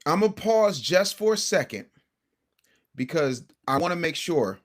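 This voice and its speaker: Brief: male livestream host, brash and combative, high voice with a very animated pitch. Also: unhurried. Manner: brash, combative, talks to the chat. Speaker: host of a commentary show. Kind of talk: casual livestream political commentary.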